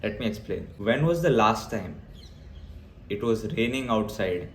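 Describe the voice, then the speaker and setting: A man's voice: fairly low pitch, expressive, unhurried. A young man delivers a blunt, emphatic rant straight to camera. His talk is full of fillers and restarts. The sound bounces around an echoey room with a faint hum behind him. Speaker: vlogger.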